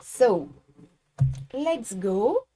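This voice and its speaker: Leading a live-streamed embroidery tutorial, a Frenchwoman whose first language is French speaks with an accent and frequently pauses to find the right English word. Her voice is a little high, sing-song and mellow, with slight background noise.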